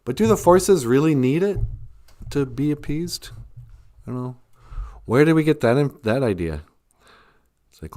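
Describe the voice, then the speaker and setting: A joking live stream host who rambles from one thought to the next, his pitch rising and falling in a lively way. He talks casually to his viewers and reads out their comments. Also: normal speed, long pauses.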